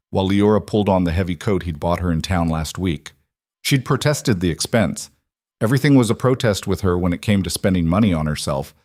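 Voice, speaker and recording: Low-voiced man narrating a western tale. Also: a little mellow, no echo, studio quality. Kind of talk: scripted narration.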